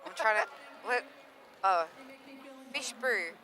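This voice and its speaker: A playful Australian co-commentator jokes through a live roller derby bout. The voice is bright and forceful at a middling pitch. Faint outdoor noise sits underneath. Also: slow. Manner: playful, jokey, laughs often.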